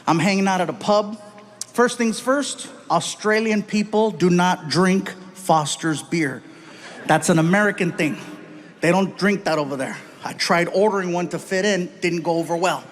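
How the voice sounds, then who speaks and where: A man doing stand-up, telling stories in an animated way and acting out characters. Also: sits high, moderate pace. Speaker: stand-up comedian. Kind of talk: stand-up storytelling.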